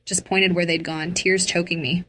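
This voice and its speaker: A woman's voice: on the low side, level tone, normal speed, bright, forceful tone. A woman narrating a dramatic first-person story.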